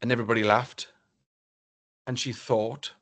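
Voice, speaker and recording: A man from northeast England giving a motivational keynote talk, telling a story in an animated, theatrical way. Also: medium pitch, moderate pace. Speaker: keynote speaker.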